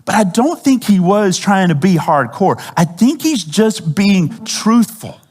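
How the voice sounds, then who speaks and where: A man's voice: high voice, very animated, a little slow, a little mellow, slightly rough. A man preaching a sermon as pastor, talking in a casual, conversational way and often asking the congregation questions.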